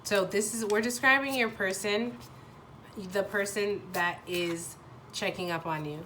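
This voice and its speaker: A young woman with a nasal voice from a sinus infection, giving a casual tarot reading and often pausing and restarting as she searches for words. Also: medium pitch, sharp tone, slight background noise. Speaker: tarot reader.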